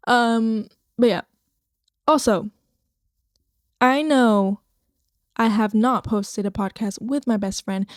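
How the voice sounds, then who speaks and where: Her voice is mid-range with a darkish tone as this young woman rambles through a casual solo podcast at home, swearing here and there into her mic while recording to her computer screen. The recording is dry and studio-clean.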